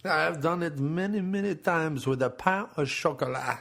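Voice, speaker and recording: A man putting on a mock French accent to play a saucy, boastful Frenchman with deadpan innuendo. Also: a little high, moderate pace, vocal fry.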